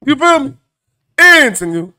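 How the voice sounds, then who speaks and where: A man hosting a comedic news commentary show, animated, profane and mocking as he reacts to clips. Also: very high voice, measured pace.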